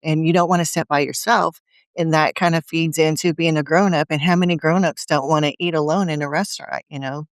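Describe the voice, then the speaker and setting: A woman's voice: low-pitched, steady tone, fairly quick, no room sound. A woman guest in a conversational interview, telling earnest stories and acting out her own inner voice. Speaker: guest speaker.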